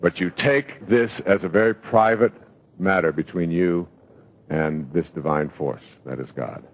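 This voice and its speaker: A man's voice: deep voice, unhurried, lo-fi sound. A man giving a live motivational talk, telling stories in a rambling way with fillers. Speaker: self-help speaker.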